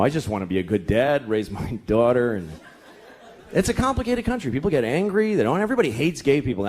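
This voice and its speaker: A man's voice: mid-range voice, a little mellow. A middle-aged man doing a stand-up comedy routine, telling profane, exasperated stories and acting out voices. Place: comedy club stage. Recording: live club recording with crowd laughter and noise. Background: audience laughing.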